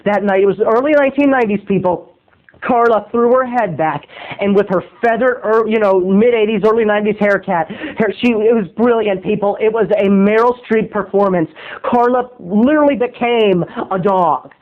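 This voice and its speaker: A man telling a comic story in a theatrical, animated way, often calling out to his listeners. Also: high-pitched, moderate pace. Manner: theatrical, animated, keeps addressing listeners as "people". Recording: tinny phone-like line.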